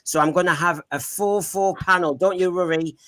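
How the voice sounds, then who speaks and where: Teasing high-voiced man. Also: fairly even intonation, normal speed, a bit bright. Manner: jokey, teasing, laughs often. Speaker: podcast host. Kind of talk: comic panel show chat.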